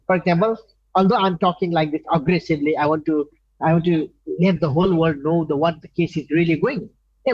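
A man from Nepal, an indigenous rights advocate answering interview questions earnestly, pausing often with fillers. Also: a little high, no room sound, muffled recording. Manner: earnest, halting with many fillers.

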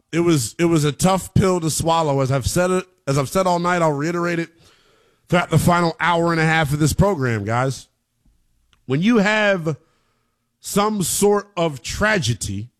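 Hyped-up sports radio host, a man. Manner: hyped, swings between loud calls and low muttered asides. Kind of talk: late-night college football talk radio.

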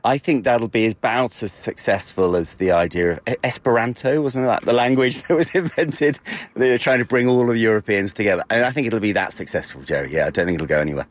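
Low-voiced man, good-humoured. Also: quick pace, no room sound. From Britain. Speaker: interviewee. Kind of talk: casual chat.

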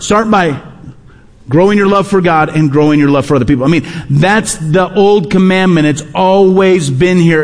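A man's voice: fairly high pitch, in a large hall. A man preaching a sermon, emphatic and repeating his key phrases. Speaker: pastor.

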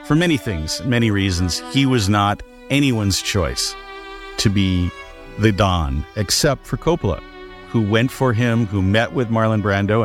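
Deep-voiced male author explaining calmly. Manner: measured, explanatory, with some fillers. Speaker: author and guest. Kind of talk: interview commentary.

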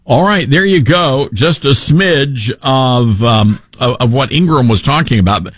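Talk radio host, male, husky, lively, emphatic, dry close mic. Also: medium pitch, a little slow, no echo. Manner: animated, emphatic, with frequent restarts. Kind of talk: opinionated talk radio monologue.

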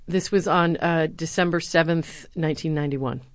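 Middle-aged woman, deep-pitched, earnest former speechwriter in an interview. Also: normal speed, no echo. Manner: earnest, animated when quoting others. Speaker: university lecturer. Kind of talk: interview answers, storytelling.

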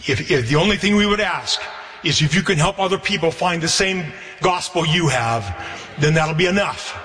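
A man's voice: animated, normal speed, bright, forceful tone, reverberant, long reverb tail. Man preaching a testimony sermon. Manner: repeats words, rises in pitch when preaching.

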